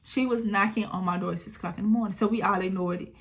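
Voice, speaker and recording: A young woman, telling a storytime vlog in a casual, animated way, acting out what people said. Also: mid-range voice, fast talker. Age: 20s. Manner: animated retelling, acting out quotes, frequent swearing. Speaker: storytime vlogger.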